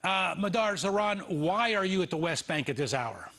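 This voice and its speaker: A male interviewer with a high-pitched voice asks quick, casual questions. He has a wry, sarcastic edge. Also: lively intonation, creaky, a bit bright. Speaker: show host.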